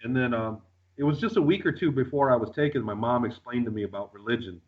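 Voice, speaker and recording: A man of mid pitch rambles through a personal account as a radio guest, looping back with "like" and "you know" and restarting his sentences. The audio is dull and lo-fi, with the top end rolled off. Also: lively intonation, fast talker. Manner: rambling, many fillers and restarts. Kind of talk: radio interview storytelling.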